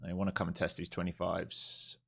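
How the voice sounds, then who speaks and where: Deep-voiced male streamer, blunt live trading commentary, casual and profane. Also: completely flat delivery, brisk, gravelly, a bit bright. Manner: casual, blunt, swears freely; thinks aloud, repeats key points. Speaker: live stream day trader.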